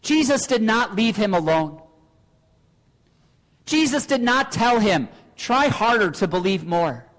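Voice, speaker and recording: A man's voice: high voice, sing-song, measured pace, pauses often, a bit bright, big-room sound, rough recording. A man preaching a sermon as pastor, earnest and full of rhetorical questions.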